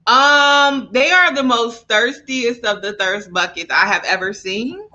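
Animated woman cracking jokes on a podcast, bright tense voice, muffled lo-fi recording. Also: fairly high pitch, unhurried. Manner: animated, profane, laughing storyteller. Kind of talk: casual storytelling chat.

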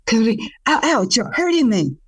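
A woman voicing a young, whiny little chipmunk brother who begs in a voice that keeps climbing higher. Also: big pitch swings, moderate pace, husky, no echo, studio quality, distant mic, soft background music. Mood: hurt.

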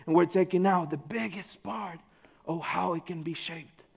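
Guy preaching, high voice, chatty sermon, lots of you know, gets loud then quiet. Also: moderate pace, gravelly, husky. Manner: informal, peppered with "you know", swings between loud and hushed. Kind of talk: conversational sermon.

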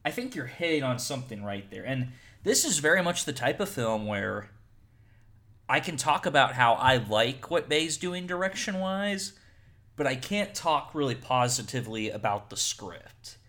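Guy hosting a movie podcast, pitch jumps around a lot, restarts his sentences. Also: normal speed. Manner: animated, repeats words when starting. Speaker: podcast host. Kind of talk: casual movie review chat.

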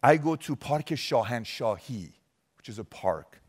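A man in his forties, from Iran, giving a motivational talk to a live audience, emphatic and questioning the crowd directly, turning soft for personal stories. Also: medium pitch, lively intonation, unhurried, slightly rough. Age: 40s. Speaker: motivational speaker.

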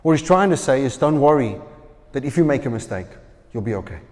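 A man preaching a sermon, telling a story with lively, acted-out quoted voices. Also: mid-range voice, fairly quick, long reverb tail.

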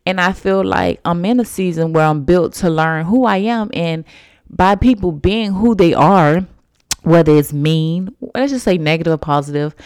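A woman's voice: fairly low pitch, darkish tone, dry recording, studio quality. Chatty woman podcasting. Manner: chatty, rambling, uses "y'all" and "you know"; eating and sipping tea while talking. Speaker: podcast host. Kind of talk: casual solo podcast chat.

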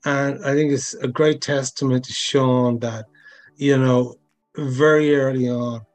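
A man's voice: mid-range voice, steady tone, unhurried. A man, a sound designer, talking in a chatty way full of fillers and asides in a podcast interview. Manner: chatty, many fillers, asks for agreement.

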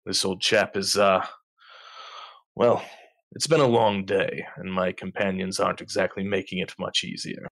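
A man's voice: deep voice, fairly even intonation, normal speed, fairly bright tone, dry recording. A man voicing a pompous, weary male traveler who talks in a formal, fussy way. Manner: formal, fussy, mannered phrasing.

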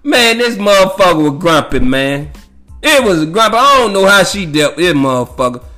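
Man vlogger, casual profane rambling storyteller, high lively voice. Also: normal speed, faint music behind. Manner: profane, laughing, rambling with many fillers.

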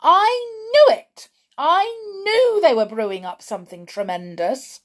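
Woman doing a sharp eager old granny from a storybook, gravelly edge, gets loud then goes hushed. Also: medium pitch, very animated, a little slow, full character voice. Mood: excited. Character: excited elderly grandmother, sharp and fond.

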